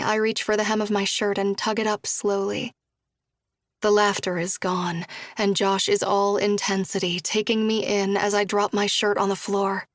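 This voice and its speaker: A woman narrates a first-person audiobook in a soft, even voice with little pitch movement, at normal speed. The recording is dry and close with no room around it, and her dialogue drops to a hushed whisper.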